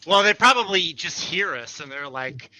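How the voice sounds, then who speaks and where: Very bright, wry higher-voiced man. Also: animated, normal speed, slight background noise, poor audio. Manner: wry, joking asides. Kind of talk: casual live-stream chat.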